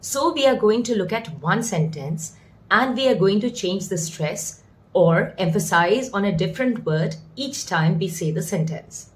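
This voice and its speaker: A young woman teaching a spoken English lesson, talking clearly and deliberately and stressing single words to demonstrate. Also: medium pitch, expressive, a little hiss or hum.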